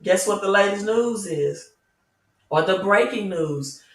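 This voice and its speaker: A woman's voice: mid-range voice, expressive, measured pace. A Southern-accented woman hosts a livestream and talks at viewers in an emphatic, preachy way, with rhetorical questions like "right?" throughout. She sits back from the mic. Her voice rings in a roomy, echoing space. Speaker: crypto channel host. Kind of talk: livestream talk reading chat. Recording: roomy echo, mic at a distance.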